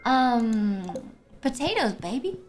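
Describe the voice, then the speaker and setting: A woman's voice: on the high side, very animated, slow, soft background music. A young woman streaming a farming game, chatting and teasing her co-player playfully. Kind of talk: casual gaming chat.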